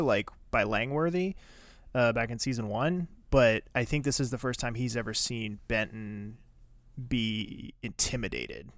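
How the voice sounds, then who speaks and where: A man's voice: on the low side, a bit bright, dry recording. A man co-hosting a podcast, chatting casually in a loose, rambling way. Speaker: podcast co-host. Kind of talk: casual chat.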